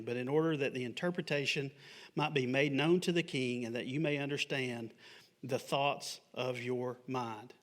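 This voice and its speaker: A man's voice: medium pitch, a bit bright. A man preaching a sermon at church, reading scripture aloud and then explaining it with emphatic pushes, sometimes asking the congregation questions. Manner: asks the congregation questions in an offhand, joking way. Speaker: pastor. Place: church sanctuary.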